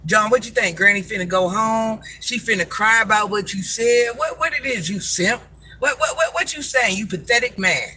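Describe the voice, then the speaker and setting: A woman's voice: on the high side, moderate pace, pushed and bright, breathy edge. An older woman, a social media personality, scolding commenters in a sassy, confrontational live rant, repeating her insults for emphasis.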